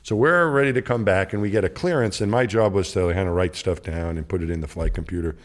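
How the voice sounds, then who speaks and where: A man's voice: low voice, fast talker. A middle-aged man, a guest on an interview show, telling a long rambling anecdote and acting out the dialogue of the people in it. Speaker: guest, former astronaut. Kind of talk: casual storytelling interview.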